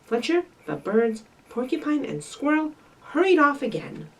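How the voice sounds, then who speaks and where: Lively woman reading story time, big pitch swings, mic set back. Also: a little slow, recorded from a distance, poor audio. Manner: bright, sing-song, animated. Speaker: children's librarian.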